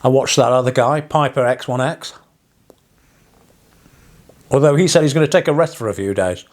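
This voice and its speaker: An English parson chats casually to his viewers, drifting from one story to the next. His wry asides often end in a chuckle. His voice sits at an ordinary middle pitch. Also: moderate pace. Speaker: parson and vlogger. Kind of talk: casual rambling vlog monologue.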